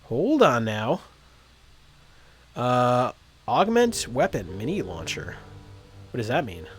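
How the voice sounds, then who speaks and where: A man's voice: mid-range voice, huge pitch swings, slow pace. Rambling male game streamer. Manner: rambling, lots of uhs and ums. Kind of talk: casual live-stream commentary, reading game text aloud.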